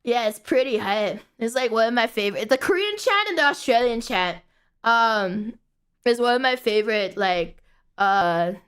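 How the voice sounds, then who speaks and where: A woman's voice: on the high side, expressive, moderate pace, fairly bright tone, smooth. A young woman streaming from home, chatting casually and rambling, with playful chanting and casual swearing. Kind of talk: casual late-night stream chat.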